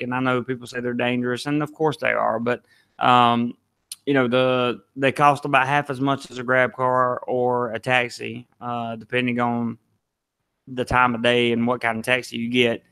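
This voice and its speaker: A man's voice: medium pitch, level tone, normal speed, pushed and bright, clean tone. A man with a Southern US accent, hosting a casual live stream and answering viewer comments aloud. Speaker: live-stream vlogger reading chat.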